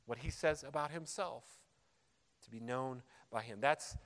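A man's voice: mid-range voice, a little slow, fairly bright tone. A man preaching a sermon as a pastor, earnest and emphatic, repeating key phrases for weight. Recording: long hall reverb.

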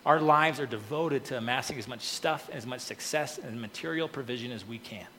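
A man's voice: medium pitch, brisk, sharp tone, slight background noise. Man preaching in a reverberant church hall. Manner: conversational preaching with frequent "okay" asides. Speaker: pastor. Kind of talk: sermon.

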